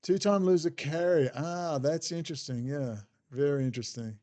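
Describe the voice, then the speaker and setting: A man's voice: a little high, moderate pace, warm tone. A man hosting a casual livestream, rambling and bluntly answering chat messages as he goes. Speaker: livestream host reading chat.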